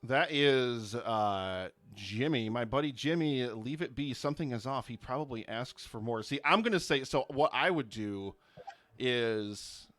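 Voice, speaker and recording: A man's voice: medium pitch, unhurried, fairly bright tone, no room sound. A man in casual livestream chat, rambling and self-deprecating as he works out his answers.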